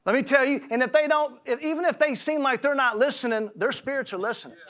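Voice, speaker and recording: A man preaching a sermon, reading scripture slowly and emphatically between stretches of conversational storytelling. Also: very high voice, fairly bright tone.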